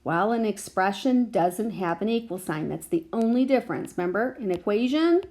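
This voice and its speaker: A woman's voice: mid-range voice, lively intonation, moderate pace, darkish tone. A woman teacher walking through a math practice lesson, patiently thinking aloud and checking in with her students. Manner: patient, checks in with "okay?" and "right?".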